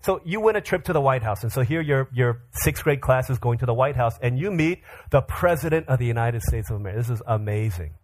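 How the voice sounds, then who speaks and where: A man's voice: medium pitch, animated, fast talker, hardly any pauses. A man preaching to young people, telling playful stories with acted-out voices. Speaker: pastor. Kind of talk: sermon to a youth audience.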